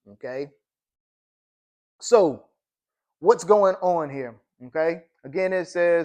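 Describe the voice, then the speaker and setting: A man's voice: fairly high pitch, a little mellow. A man with a slightly raised voice leads an informal Bible study. He reads scripture and word definitions aloud in a patient, explanatory way. He punctuates almost every phrase with a questioning "okay?". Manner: explains slowly with frequent "okay?" check-ins.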